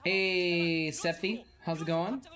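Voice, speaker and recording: A man's voice: sits high, slow pace, pushed and bright. A man streaming a watch party of old pro games, giving casual commentary and chatting with viewers in a rambling, easygoing way. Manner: rambling, chatty, reading chat aloud. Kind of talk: casual game commentary and chat.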